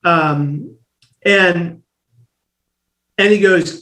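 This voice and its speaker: A man as an interview guest, telling a personal story in an animated way, acting out the voices of the people in it and often restarting his sentences. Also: high-pitched, measured pace, long pauses.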